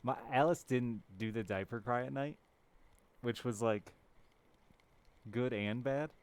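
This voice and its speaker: Smooth and medium-pitched, this man speaks at a measured pace as he streams a game. He's in his thirties, talking casually and candidly to live viewers and cursing occasionally.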